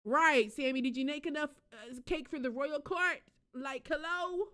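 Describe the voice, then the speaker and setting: A woman streamer reacting live to a game showcase, excitable, with loud exclamations and frequent laughter. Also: sits high, moderate pace. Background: showcase music.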